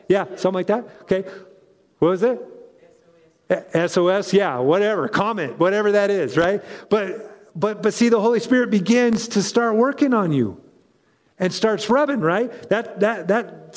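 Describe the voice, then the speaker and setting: A man preaching a conversational sermon as pastor, animated and chatty with frequent asides and restarts. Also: on the high side, long reverb tail.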